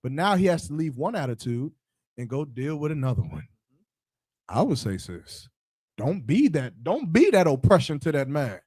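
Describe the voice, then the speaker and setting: A man's voice: on the high side, sing-song, normal speed, a little mellow, husky, dry recording, clean studio sound. A man co-hosting a podcast in casual chat, preaching his point and acting out the voices of the people in his stories. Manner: preachy, acts out quoted voices. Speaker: podcast co-host.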